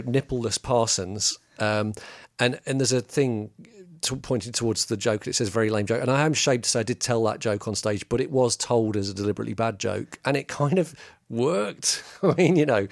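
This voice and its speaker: A man's voice: medium pitch, a little fast, creaky, few pauses, no room sound, clean studio sound. A man, a stand-up comedian co-hosting a podcast, chatting in a self-mocking way and laughing often. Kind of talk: casual podcast chat.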